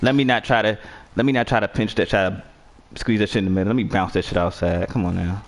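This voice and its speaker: A man's voice: lowish voice, fairly even intonation, fast. Young male gamer, trash-talking, profane and argumentative, heated running commentary.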